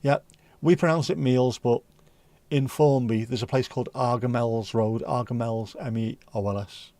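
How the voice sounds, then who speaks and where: A man's voice: medium pitch, fairly even intonation, normal speed, warm tone, dry recording. A man from North West England, hosting a casual livestream and bantering with chat comments. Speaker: livestream host.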